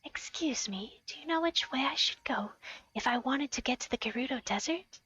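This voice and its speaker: A woman's voice: extremely high pitch, expressive, normal speed, fairly bright tone, dull audio, pitched above the performer's own voice. A woman voicing a disguised female assassin posing as a traveler, sly and whispery with a menacing edge. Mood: sly whisper.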